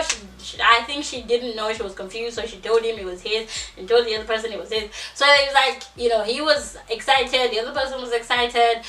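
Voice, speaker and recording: A young woman chats through a storytime with a bright, forceful voice that sits a little high. She talks in an animated way and acts out quotes. Her voice bounces around a roomy space, with the mic a little way off. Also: far from the mic. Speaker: vlogger. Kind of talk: casual storytime chat.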